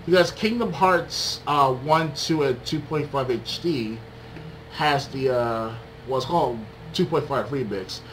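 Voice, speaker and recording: A young man co-hosting a casual gaming podcast, talking excitedly and acting out reactions. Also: medium pitch, a little slow, low-quality recording. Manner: animated, excitable, acts out reactions. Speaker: podcast co-host. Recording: faint background noise.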